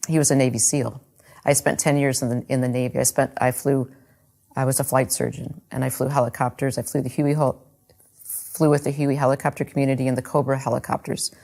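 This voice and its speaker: A woman's voice: rumbling low, flat delivery, a little fast, creaky, mellow. A middle-aged woman telling her faith testimony in an earnest, heartfelt storytelling way. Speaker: speaker giving a faith testimony.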